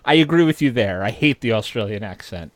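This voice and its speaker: A man co-hosting a podcast, ranting loud and profane in casual chat. His voice sits at a middle pitch. The sound is close and dry, with no room. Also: animated, brisk, dry recording. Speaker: podcast co-host.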